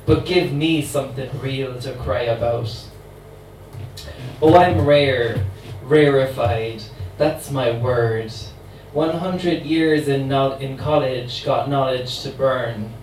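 A man's voice: mid-range voice, slow, a little mellow, close to an everyday voice. A man reading as a sassy immortal voodoo queen. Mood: wry. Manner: sassy, wry monologue delivery. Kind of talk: dramatic poetry reading. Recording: roomy, distant mic, faint ambient noise.

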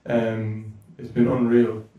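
A man's voice: mid-range voice, completely flat delivery, takes it slowly, muffled recording. A man hosting a live poetry night, chatty and loose. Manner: loose, rambling, chatty with fillers. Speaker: event host. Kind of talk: casual stage announcements. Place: live venue in Cork. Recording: roomy live venue from far off, with audible noise.

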